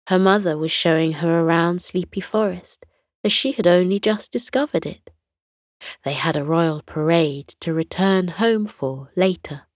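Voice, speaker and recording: A woman narrating a bedtime story for children in a gentle, unhurried way, at times dropping to a whisper. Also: lowish voice, no room sound, clean studio sound.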